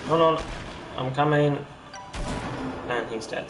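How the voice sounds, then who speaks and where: A man streaming a game, rambling and halting with many fillers as he plays. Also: mid-range voice, over music. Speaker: gaming streamer. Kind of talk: casual gameplay commentary. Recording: roomy echo with loud ambient noise.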